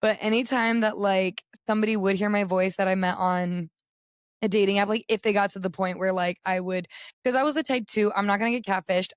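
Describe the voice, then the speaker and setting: A young woman with a slightly raspy voice tells dating stories as a podcast co-host. She is chatty and animated, and her pitch sits mid-range. The sound is dry and close on a studio mic. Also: dry recording. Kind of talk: casual chat.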